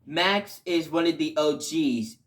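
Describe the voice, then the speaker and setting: A man giving a casual video review, talking emotionally and rambling, with sudden loud outbursts between quieter stretches. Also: fairly high pitch, slow pace. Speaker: show reviewer.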